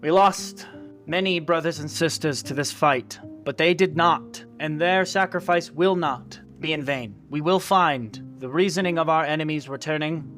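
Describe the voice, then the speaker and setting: A man's voice: a little high, normal speed, fairly bright tone, faint music behind, voice pushed up, lightly acted. A man voicing a solemn male religious leader giving a stately funeral speech in a tabletop game.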